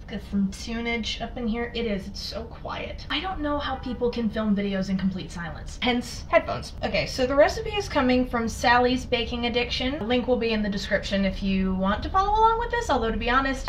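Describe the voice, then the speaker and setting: A young woman vlogging casually from her home kitchen as she bakes. She chats, swears freely and breaks into loud exclamations. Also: a little high. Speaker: baking vlogger. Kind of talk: casual baking vlog. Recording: distant mic, background music.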